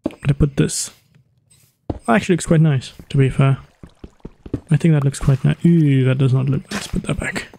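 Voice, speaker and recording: On his own gaming channel, a man gives let's play commentary, chatting through his play with jokes and sudden exclamations. His mid-range voice is creaky and dark, with fairly even intonation and slight background noise.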